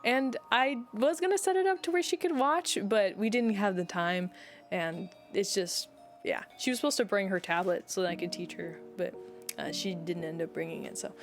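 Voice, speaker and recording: A young woman streamer chatting with her viewers in a loose, rambling way. Her voice sits at an ordinary middle pitch, and she sounds heartfelt as she circles back on her words. Soft music plays faintly behind her. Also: normal speed. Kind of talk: casual chat with viewers.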